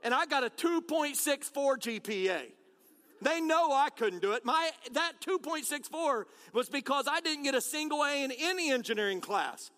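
Male preacher, very high bright voice, energetic sermon with jokes, big reverberant hall. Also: normal speed. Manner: energetic, repeated rallying calls; self-deprecating humor.

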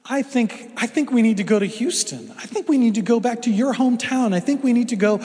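A man quoting his wife, a gently persuasive woman, in a soft coaxing tone during a sermon. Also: very high-pitched, lively intonation, fairly quick, pitched above the performer's own voice. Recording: long hall reverb.

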